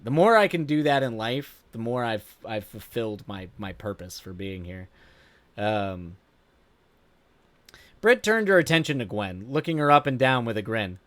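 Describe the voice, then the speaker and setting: A man reads a story aloud on a live stream, breaking off into laughing asides and restarting lines. His voice is lively and swoops up and down. The sound is dry and close. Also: medium pitch, dry recording. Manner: animated, laughing asides, self-interrupting.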